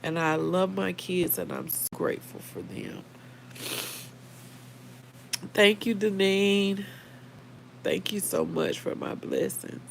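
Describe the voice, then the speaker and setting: A woman's voice: low voice, lively intonation, takes it slowly, gravelly, a little hiss or hum, rough recording. A middle-aged woman, hosting a casual livestream, heartfelt and emotional, talking straight to her viewers by name. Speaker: livestream host.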